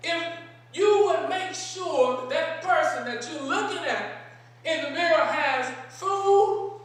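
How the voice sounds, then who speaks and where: Recorded from a distance in a large synagogue sanctuary, a preacher delivers a sermon in a high-pitched, slightly bright voice, taking it slowly amid heavy reverb. He poses rhetorical questions and repeats key phrases.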